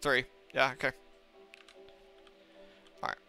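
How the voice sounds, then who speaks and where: A man's voice: slow pace, sharp tone, faint music behind. A young man streaming a game live, rambling to chat with lots of swearing and exasperated asides. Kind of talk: casual live-stream chat while gaming.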